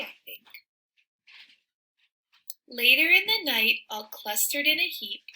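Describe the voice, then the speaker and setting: A woman reading a children's picture book aloud in an expressive, sing-song way, with soft asides to the listener. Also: on the high side, a little hiss or hum, low-quality recording. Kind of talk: read-aloud storytelling for children.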